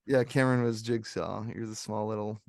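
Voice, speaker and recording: A man's voice: fairly low pitch, fairly even intonation, fairly quick, a little mellow, dry recording, clean studio sound. Rambling young man hosting a movie podcast. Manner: rambling, heavy use of "like". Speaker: podcast host. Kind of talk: casual movie review chat.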